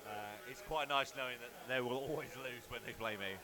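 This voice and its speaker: A man's voice: mid-range voice, fairly quick. A man co-commentating a live stream at a tournament venue, hesitant and stammering, self-deprecating. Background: crowd chatter.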